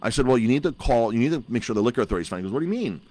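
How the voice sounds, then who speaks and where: A man's voice: medium pitch, rapid-fire, dark tone. A chef and restaurant owner, telling a story in casual talk and acting out both sides of his conversations with officials.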